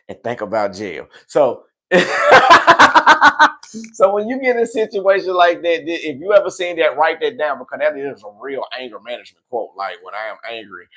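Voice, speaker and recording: A man reading tarot on a livestream, repeating affirmations and giving relaxed, chatty shout-outs, laughing easily. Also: mid-range voice. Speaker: tarot reader. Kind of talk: casual livestream sign-off with affirmations.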